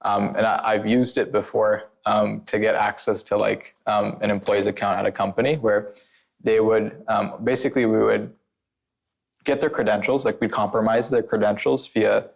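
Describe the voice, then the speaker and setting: A man's voice: fairly low pitch, little pitch movement, moderate pace, creaky. A man, a former penetration tester, talking as a podcast guest in a casual, rambling way, full of filler words and blunt warnings. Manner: blunt and emphatic.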